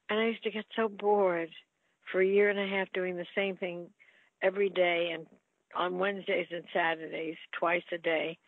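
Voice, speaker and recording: Gravelly older actress telling stories. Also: female voice, fairly low pitch, no echo. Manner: playful, lively anecdotes. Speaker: actress interviewee. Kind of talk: anecdotal interview storytelling. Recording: phone-like line, dry.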